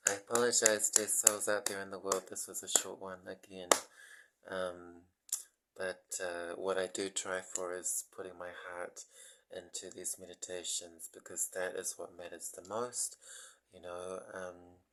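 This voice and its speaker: A man speaks in a lowish, soft voice, giving a gentle spiritual talk about mantra meditation. He moves very slowly, pausing often and filling gaps with ums. His tone stays apologetic and unhurried throughout. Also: level tone, a little hiss or hum, low-quality recording. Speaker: meditation teacher.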